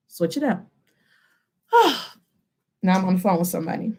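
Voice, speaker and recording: A woman in her thirties teaching a lively online language lesson to students, mixing English and Spanish and repeating phrases as drills. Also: medium pitch, measured pace, long pauses. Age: 30s.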